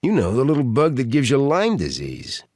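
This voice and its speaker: A man's voice: mid-range voice, huge pitch swings, moderate pace, darkish tone, no echo, clean studio sound, voice pushed up. A male narrator voicing a joking, easygoing man in his mid-forties.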